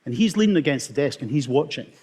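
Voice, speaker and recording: A middle-aged Scottish man, an emergency consultant, telling wry, self-mocking stories in a talk with dramatic pauses. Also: on the high side, animated, darkish tone, breathy edge. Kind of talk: storytelling conference talk.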